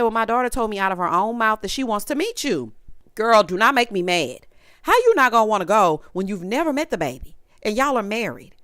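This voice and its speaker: A sassy woman recaps a reality show in casual talk, her voice swinging high and low with lots of life. She sits close to the mic in a dry room, with no echo at all. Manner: sassy, animated, talks straight to viewers. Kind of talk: casual commentary.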